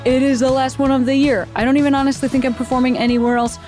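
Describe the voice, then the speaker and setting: A woman hosting a podcast, chatting casually and mock-yelling in playful asides while she is feeling unwell. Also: high voice, little pitch movement, fast talker, hardly any pauses, soft background music. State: unwell and sweaty from a stomach bug. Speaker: podcast host. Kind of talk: casual chat.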